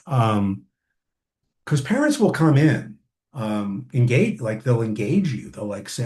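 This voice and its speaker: Male trainer, warm relaxed voice, casual lecturing with fillers and restarts. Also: mid-range voice, slow pace. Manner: conversational, many ums and restarts. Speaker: family therapy trainer.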